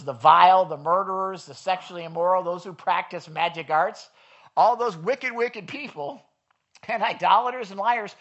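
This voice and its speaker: A pastor delivers a sermon to a church congregation in an animated, chatty way. The voice sits at a middle pitch. It acts out the people in the stories and keeps checking in with the room. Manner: chatty, asks the room questions.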